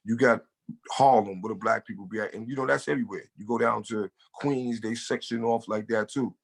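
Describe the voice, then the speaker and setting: Gravelly Bronx man, husky voice. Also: fairly low pitch, steady tone, a little fast. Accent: New York (Bronx). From Bronx, New York. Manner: loose, street-casual, leans on "you know". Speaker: guest, hip-hop artist. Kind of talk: casual interview talk.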